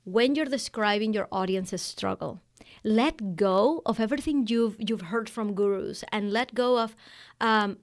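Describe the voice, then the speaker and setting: A woman hosting a business coaching podcast, giving advice in an emphatic, conversational way and acting out quotes from clients. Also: on the high side. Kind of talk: energetic solo podcast advice.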